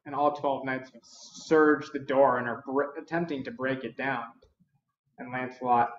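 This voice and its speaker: A man telling an old legend spontaneously, reflective and unhurried, thinking aloud. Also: medium pitch, steady tone. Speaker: storyteller. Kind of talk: spontaneous oral storytelling. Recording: roomy, dull lo-fi recording.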